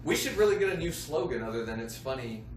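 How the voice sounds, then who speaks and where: A man's voice: on the high side, very animated, very fast, background noise. A man hosting a live comedy show, rambling and mocking himself as he plugs shirts and jokes. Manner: rambling, self-mocking banter. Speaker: host. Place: studio lounge. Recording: echoey room from a distance.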